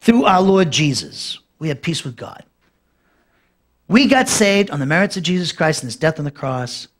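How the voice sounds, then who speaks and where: A man preaching an expository Bible lesson, emphatic and repetitive, pushing his voice up for stress and dropping low to close each point. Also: very animated, moderate pace. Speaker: pastor teaching a Bible class. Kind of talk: expository sermon.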